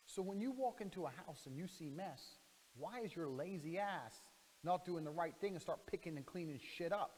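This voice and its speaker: A man's voice: high-pitched, lively intonation, normal speed, a little mellow. A man in a brash monologue, talking in a boastful, profane and mocking way. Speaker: internet personality in played clips. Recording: reverberant clips with music underneath.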